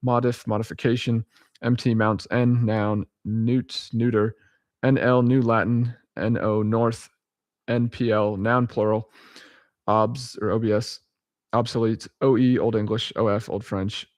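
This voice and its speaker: A young man reading dictionary abbreviations aloud at home in a halting, chuckling way, often correcting himself. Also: lowish voice, level tone, darkish tone, dry recording. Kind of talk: casual solo reading and chat.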